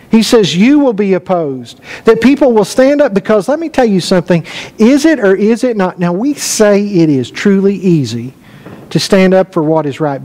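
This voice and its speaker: High-voiced man preaching. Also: a little mellow, rough recording. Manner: conversational preaching with anecdotes and quoted dialogue; reads scripture aloud. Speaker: pastor. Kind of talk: sermon. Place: church sanctuary.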